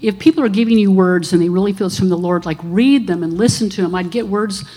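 A woman's voice: medium pitch, fast talker, dark tone. A woman in her sixties, a minister, giving an earnest testimony to a church congregation and telling stories along the way. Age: 60s.

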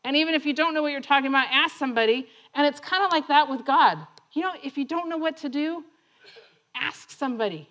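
Speaking quickly in a high voice, a woman gives an animated testimony, turning a personal story into a lesson, laughing a lot and voicing the other people in it.

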